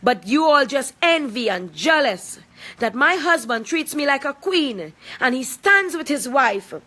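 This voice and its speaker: Fiery high-voiced woman. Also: animated, unhurried, bright, forceful tone. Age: 40s. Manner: confrontational, emphatic, repeating for emphasis. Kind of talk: angry personal video statement.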